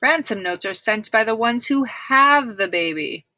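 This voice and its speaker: A woman's voice: on the high side, animated, measured pace, pushed and bright, no echo. Woman reader doing a bossy eldest boy, dismissive and curt, dry close read. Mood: scornful.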